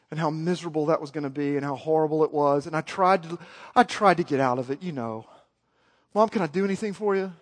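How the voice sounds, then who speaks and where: A man preaching a sermon as pastor, moving from quiet storytelling to yelling with passion. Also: a little high. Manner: swings from soft to yelling. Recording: long hall reverb.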